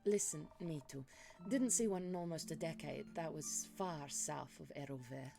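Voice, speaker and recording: A teasing wandering adventurer, voiced by a woman, chats in a dry, easygoing manner. The voice is low with a gravelly fry, and faint music runs underneath. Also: moderate pace. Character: wry wandering adventurer with news of monsters. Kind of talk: cosy tavern role-play.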